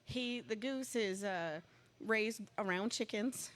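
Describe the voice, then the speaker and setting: A woman chatting casually as a guest, telling a long rambling story and getting excited as it goes. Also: mid-range voice, slow pace. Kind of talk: casual chat.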